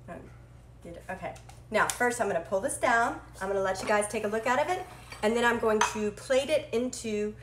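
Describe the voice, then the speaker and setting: A woman's voice: mid-range voice, fairly bright tone, slight background noise. A woman hosting a live cooking stream from her home kitchen, chatty, bubbly and self-deprecating. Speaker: cooking show host. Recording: echoey kitchen with faint clatter.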